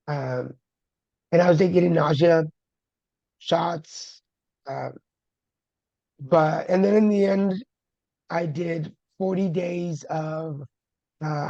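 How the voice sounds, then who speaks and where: A man's voice: on the high side, darkish tone, no echo. A man sharing his cancer story as a guest, candid and humorous, with dramatic retellings. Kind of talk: personal storytelling. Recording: dull lo-fi dry sound.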